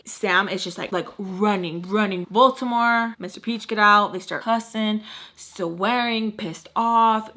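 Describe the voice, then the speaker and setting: A young woman telling a storytime vlog, animated, acting out quotes with many fillers. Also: mid-range voice, normal speed. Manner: animated, acts out quotes with lots of "like". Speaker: YouTube storyteller.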